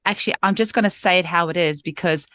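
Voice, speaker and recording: A woman's voice: on the low side, a bit bright, dry recording, clean studio sound. A woman hosting a podcast as a homeopath, talking in a casual, enthusiastic and affirming way. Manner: enthusiastic, affirming, quick to agree. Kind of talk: casual chat.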